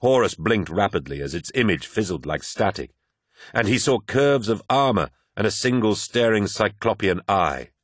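A man reading a dark fantasy audiobook in a measured, dramatic narration. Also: lowish voice, lively intonation, dry recording, clean studio sound.

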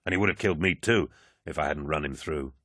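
A man voicing a giant male warrior, speaking gravely and in a measured, low way, as an audiobook character voice. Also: a bit bright, dry recording, studio quality.

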